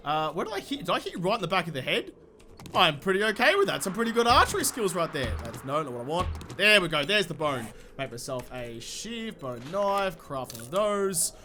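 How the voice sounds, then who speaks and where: High-voiced sweary gamer, slightly sick. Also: male voice, brisk, slight background noise. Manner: excitable, sweary, talks to enemies. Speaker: gaming YouTuber. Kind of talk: let's play commentary.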